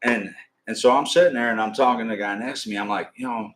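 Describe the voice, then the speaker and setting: A man hosting a live stream, telling a long, rambling, profane story in a casual, animated way. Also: medium pitch, quick pace.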